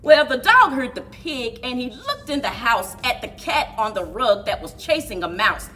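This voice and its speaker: Expressive woman reading a picture book. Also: fairly high pitch, normal speed, faint music behind. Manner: expressive storyteller, big swoops for animal noises. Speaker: children's librarian.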